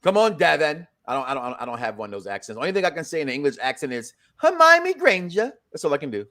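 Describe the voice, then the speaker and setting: A man's voice: medium pitch, sing-song, quick pace, sharp tone. A man hosting a casual reality-show review chat, joking and rambling, often restarting his sentences. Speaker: podcast host.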